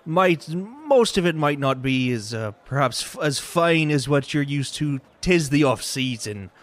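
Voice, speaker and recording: A man voicing a gruff, folksy male market vendor in a tabletop game, speaking in old-fashioned dialect with hesitant stammers. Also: a little high, sing-song, measured pace, pitched above the performer's own voice. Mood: haggling.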